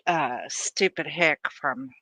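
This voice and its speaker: A woman's voice: low-pitched, takes it slowly, bright, forceful tone, no room sound, low-quality recording. A woman co-hosting a casual live-stream, speaking hesitantly with dry humor. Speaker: stream co-host.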